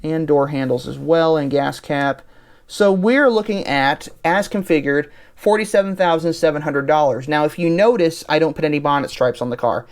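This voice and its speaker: Casting: male host, smooth clear voice, relaxed think-aloud voice-over. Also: a little high, moderate pace. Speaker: channel host. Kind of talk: casual voice-over walking through an online car configurator.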